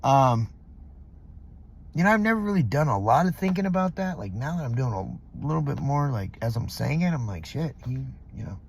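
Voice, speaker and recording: A man's voice: mid-range voice, big pitch swings, brisk, vocal fry, a little hiss or hum. A middle-aged man from Southern California, venting in a rambling, profane vlog monologue full of fillers, recorded in a parking lot. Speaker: vlogger.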